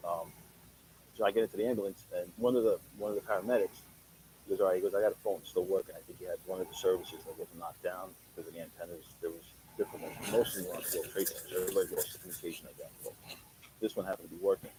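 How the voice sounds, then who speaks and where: A man's voice: low-pitched, fairly even intonation, rapid-fire. A middle-aged man telling his story in a casual, rambling interview, acting out who said what. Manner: rambling, filler-heavy, talks in quoted dialogue. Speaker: interview guest. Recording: noisy background.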